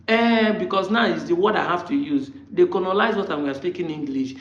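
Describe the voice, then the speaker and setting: A Nigerian-accented man with a high voice argues combatively, hammering his critics with one rhetorical question after another. The sound is roomy and a little dull, like a lo-fi recording in an echoey space. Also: a little fast, few pauses. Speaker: online commentator. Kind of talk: argumentative monologue.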